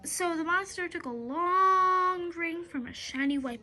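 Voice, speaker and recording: Lady reading a kids book out loud, really high voice, bright, trips over words and restarts. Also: a little slow, few pauses. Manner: lively storytelling with frequent stumbles and restarts. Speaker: reader of a children's book. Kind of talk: reading a children's book aloud.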